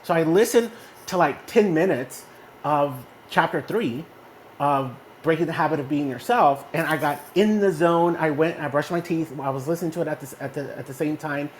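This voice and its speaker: Animated male storyteller with a mid-range voice. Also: on the high side, normal speed, a little hiss or hum. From Texas, US. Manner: animated storyteller who often checks in with "right?". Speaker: co-host. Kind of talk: casual motivational chat. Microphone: phone in a social audio room.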